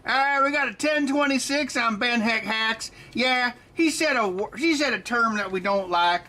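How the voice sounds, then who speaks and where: A man voicing a prissy, self-important male website moderator who talks in fast, mock-bureaucratic patter. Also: very high voice, bright, forceful tone, pitched above the performer's own voice. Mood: officious.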